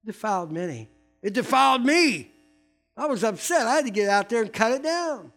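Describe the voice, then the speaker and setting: Older guy preaching, high-pitched voice, faint music under it, repeats words for emphasis. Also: sing-song, normal speed. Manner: emphatic, repeats key words, swings from loud to hushed. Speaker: pastor. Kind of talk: sermon.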